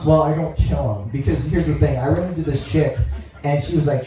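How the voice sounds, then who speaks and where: Rambling stand-up comedian from Dallas. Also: male voice, a little high, warm tone, soft background music. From Dallas, Texas. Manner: rambling, halting, crude, talks to the crowd. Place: comedy club stage. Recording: echoey room, mic heard from far off.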